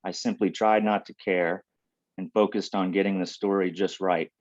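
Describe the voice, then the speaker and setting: A man from Ohio reading his own poems on a video call, in a dry, unhurried voice. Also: low-pitched, steady tone, no echo, highs cut off. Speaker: poet reading. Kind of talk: poetry reading.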